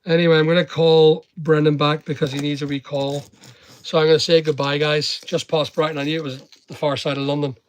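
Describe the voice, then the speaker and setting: A man's voice: fairly high pitch, level tone, brisk, slight background noise. Chatty Northern Irish man packing orders. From Northern Ireland. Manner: rambling, chatty, talks to viewers by name. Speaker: online seller livestreaming. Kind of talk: casual livestream chat while packing orders.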